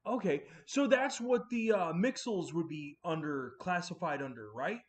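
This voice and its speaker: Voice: mid-range voice, expressive, normal speed. A livestream host chatting casually to himself while building Lego, often dropping to a mutter. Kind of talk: casual live-streamed building chat.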